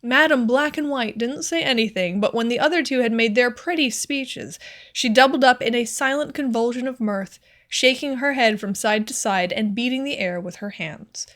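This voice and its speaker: Woman, fairly high voice, audiobook narration, measured, clear. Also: fairly bright tone. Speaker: audiobook reader. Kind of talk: scripted narration.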